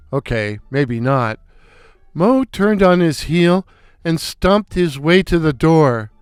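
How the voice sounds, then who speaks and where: A man telling a first-person story in a wry, unhurried way. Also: fairly high pitch, clean tone, no room sound, clean studio sound. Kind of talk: storytelling narration.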